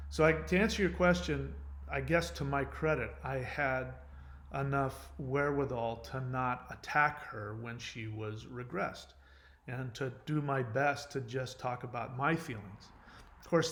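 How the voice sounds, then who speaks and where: A man hosting his own channel, answering viewer comments in a candid, rambling monologue full of fillers and restarts. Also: mid-range voice. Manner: rambling, frequent "you know" fillers and restarts; earnest, confessional. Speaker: channel host.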